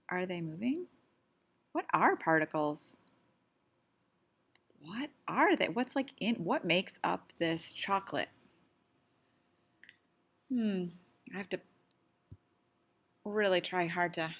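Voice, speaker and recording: A woman's voice: medium pitch, sharp tone. A woman teaching a casual science lesson on video, playful and chatty, asking lots of questions and sometimes talking with her mouth full. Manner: talks with her mouth full while eating.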